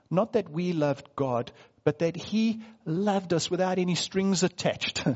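A man's voice: on the high side, breathy edge, highs cut off. A man preaching a sermon in a conversational way, asking the congregation questions as he goes. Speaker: pastor.

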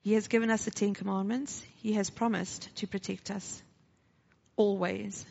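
On a dull lo-fi recording with a little hiss or hum, a South African woman with a gravelly mid-range voice shares her church testimony at normal speed. She acts out the dialogue in animated storytelling, then moves into a short sermon.

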